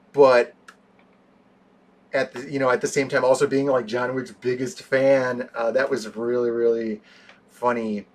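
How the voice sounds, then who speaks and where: A man co-hosting a casual movie review chat, animated, often acting out scenes in quoted voices. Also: mid-range voice. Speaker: podcast co-host.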